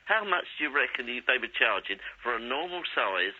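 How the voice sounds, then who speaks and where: A man's voice: medium pitch, big pitch swings, moderate pace. An older man calling in to a radio show, telling a story in a chatty way. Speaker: caller. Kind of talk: phone-in chat. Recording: dull dry phone line.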